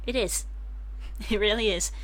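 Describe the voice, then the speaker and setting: A woman's voice: medium pitch, measured pace, fairly bright tone, low-quality recording. A woman playing a tabletop role-playing game, talking in character with a giggly, affectionate manner. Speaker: player.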